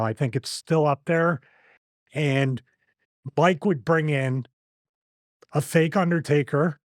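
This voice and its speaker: A man's voice: fairly high pitch, no echo. A middle-aged man hosting a podcast, telling anecdotes in a loose, chatty way and laughing between stories. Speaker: podcast host. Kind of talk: casual podcast chat.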